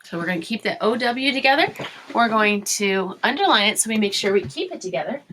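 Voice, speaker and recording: A woman's voice: mid-range voice, lively intonation, a bit bright, slight background noise. Woman teacher sounding out letters. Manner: patient, sounding out letters slowly. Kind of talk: home video phonics lesson for children.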